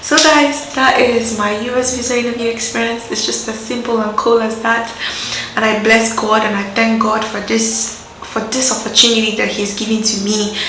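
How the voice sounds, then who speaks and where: Young Nigerian woman vlogger, animated storyteller, echoey room with faint hiss. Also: on the high side, normal speed. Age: young adult. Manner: animated, acts out quoted voices, laughs often. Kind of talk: casual storytelling to camera.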